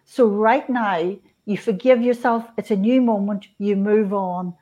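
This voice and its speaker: Mellow-voiced woman in her fifties. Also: mid-range voice, fairly even intonation, measured pace. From Northern Ireland. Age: 50s. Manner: earnest, gentle, with frequent restarts and soft laughs. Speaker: guest, spiritual author. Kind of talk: conversational interview.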